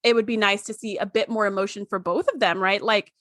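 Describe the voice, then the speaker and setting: A woman's voice: mid-range voice, steady tone, quick pace, a bit bright, no room sound. Agreeable young woman with dry sound. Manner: agreeable, joking, reflective. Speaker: podcast co-host. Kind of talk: casual chat.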